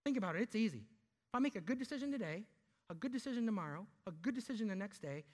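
A man preaching a sermon, emphatic, asking rhetorical questions and slowing down to stress key words. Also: sits high, expressive. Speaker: pastor.

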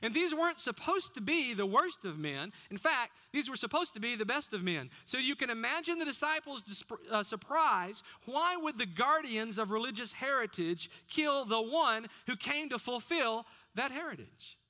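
A man's voice: very high-pitched, big pitch swings, moderate pace, hardly any pauses, bright, forceful tone. A man preaching a sermon as pastor, often putting questions to the congregation.

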